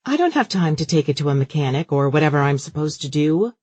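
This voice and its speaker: A man voicing a flustered, uptight middle-aged mother in an audiobook, high, fussy and shrill. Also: sing-song, fast, darkish tone, dry recording. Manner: high, fussy and shrill, sing-song at times. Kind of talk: audiobook character voice.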